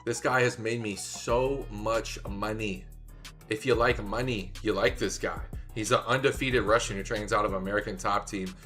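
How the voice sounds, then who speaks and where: A man talks fight bets with loud, swearing excitement, often rising into shouts. His voice is bright and forceful, with faint music playing underneath. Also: lowish voice, moderate pace. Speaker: podcast co-host, betting analyst. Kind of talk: hyped casual sports betting talk.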